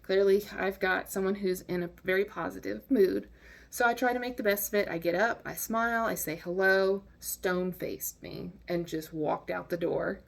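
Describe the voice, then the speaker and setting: Woman storyteller, casual and wry, mid-pitched, vocal fry. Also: moderate pace. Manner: lively, wry, acts out quotes. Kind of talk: casual personal anecdote.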